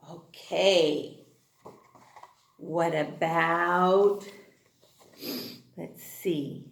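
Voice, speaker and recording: Slow sing-songy teacher lady, gasping and cheering for little kids, echoey room. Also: on the low side, creaky. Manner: sing-song, exaggerated, lots of gasps and excited exclamations. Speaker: kindergarten teacher. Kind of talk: online phonics lesson for young children.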